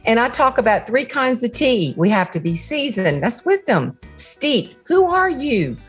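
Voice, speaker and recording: A woman's voice: a little high, very animated, measured pace, husky, soft background music. A woman with a Southern US accent, an author and speaker, chatting in an upbeat way about her book and her ideas. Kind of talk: casual promotional chat.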